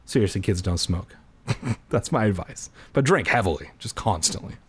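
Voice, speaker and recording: A man hosting a podcast, reading a children's horror book aloud in an animated way and breaking off into crude throwaway jokes. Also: fairly low pitch, moderate pace, breathy edge. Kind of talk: comedic read-aloud with jokey asides.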